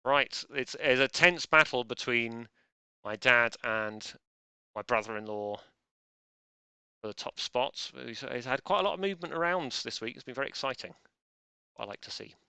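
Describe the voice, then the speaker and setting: A man's voice: medium pitch, animated, moderate pace, gravelly, pauses often, bright, forceful tone, smooth, no echo. A man hosting a live online quiz, joking drily and rambling. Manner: dry, rambling, self-deprecating jokes. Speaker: quiz host.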